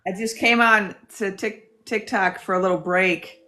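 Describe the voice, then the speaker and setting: A woman's voice: mid-range voice, fairly even intonation, unhurried, bright, forceful tone. A woman who is a guest on a livestream, talking briefly and casually in a friendly way.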